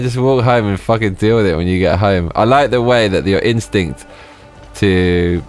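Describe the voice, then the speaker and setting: A man's voice: on the low side, normal speed, faint music behind. A man streaming a game live, chatting casually, swearing freely and laughing often. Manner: profane, exclamatory, laughs often.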